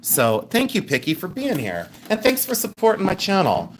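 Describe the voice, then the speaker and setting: A woman's voice: mid-range voice, wildly swooping pitch, normal speed. Chatty, laughing woman selling jewelry live. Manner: chatty, joking, laughs often. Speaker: live jewelry sale host. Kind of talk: live-stream sales chat.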